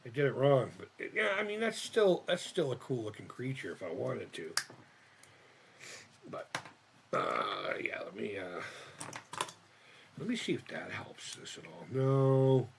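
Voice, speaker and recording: A man's voice: medium pitch, wildly swooping pitch, measured pace, vocal fry, pauses often, noisy background. A man live-streaming as he builds a model kit, rambling and thinking aloud, swearing often and laughing at himself. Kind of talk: casual live-stream chat while crafting.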